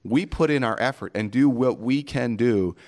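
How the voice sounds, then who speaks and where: A man's voice: mid-range voice, moderate pace, a little mellow. Earnest man reflecting on faith. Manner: earnest, reflective, quotes scripture. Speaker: pastor and podcast host. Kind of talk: casual faith conversation.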